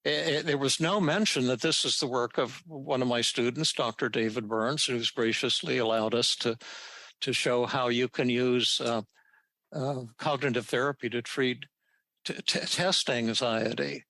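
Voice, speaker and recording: Halting older man, bright voice. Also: mid-range voice, steady tone, gravelly, no echo. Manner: halting, many restarts and repeated words. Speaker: podcast host answering listener questions. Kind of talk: casual storytelling.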